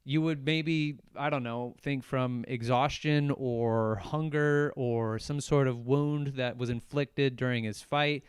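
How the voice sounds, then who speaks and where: A young man rants through a solo film review on his podcast, swearing freely and piling on sarcasm as he rambles. His voice is smooth and clear, recorded dry and close. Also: medium pitch, steady tone, slow pace, hardly any pauses, dry recording. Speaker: podcast host. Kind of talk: solo movie review rant.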